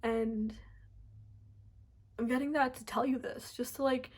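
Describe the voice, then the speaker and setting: A woman giving a casual pick-a-card tarot reading, soft and rambling with many fillers, teary and choked up. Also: high voice, fairly even intonation, measured pace. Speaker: tarot reader.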